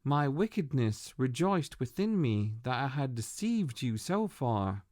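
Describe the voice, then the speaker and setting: A man's voice: mid-range voice, sing-song, measured pace, a little mellow, no room sound, clean studio sound. A man voicing a weary, deceitful old sorcerer in a book reading, pleading and self-pitying. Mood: confessing.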